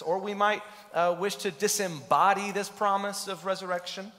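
A man preaching a sermon as pastor, animated and rhetorical, voicing imagined questions from his listeners. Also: sits high, normal speed, hardly any pauses, in a large hall. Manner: animated, rhetorical questions, acts out voices of others.

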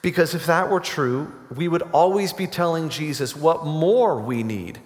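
A man preaching a sermon to a congregation, earnest and emphatic, building to forceful climaxes. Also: a little high, animated, measured pace. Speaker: pastor. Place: church sanctuary. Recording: long hall reverb.

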